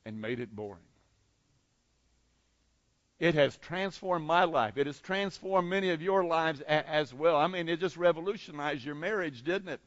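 A pastor preaching a sermon to his congregation, swinging between loud declarations and soft, intimate passages. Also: on the high side, normal speed, hardly any pauses, no echo, highs cut off. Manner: impassioned preaching with dramatic swings in volume.

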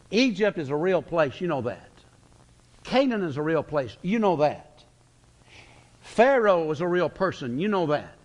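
A man's voice: fairly high pitch, poor audio. Folksy preacher man. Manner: folksy storytelling preacher, pace swinging slow and fast. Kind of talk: sermon.

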